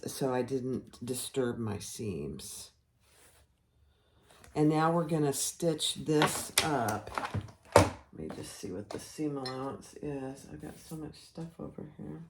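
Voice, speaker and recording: A woman with a low voice talks her way through a sewing project, slow and unhurried. She chats and laughs at her own setup as she works. The recording carries clear background noise from her sewing room. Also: a little mellow. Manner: chatty, self-deprecating, talks while working. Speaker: sewing pattern tutor. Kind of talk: casual sewing tutorial.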